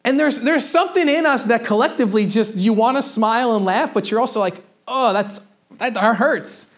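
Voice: medium pitch, fast. Conversational preacher giving a sermon. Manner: conversational, addresses the congregation directly; frequent word repetitions and restarts.

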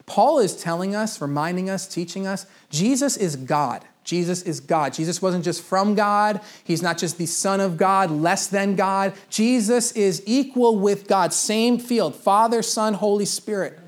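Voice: mid-range voice, measured pace, hardly any pauses. A pastor preaching a sermon in a conversational way, repeating key phrases for emphasis.

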